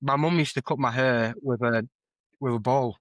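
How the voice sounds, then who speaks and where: A man's voice: mid-range voice, fairly even intonation, normal speed, a bit bright, no echo. A young man, chatting casually as a podcast guest and telling rambling, self-correcting stories. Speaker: guest streamer and musician.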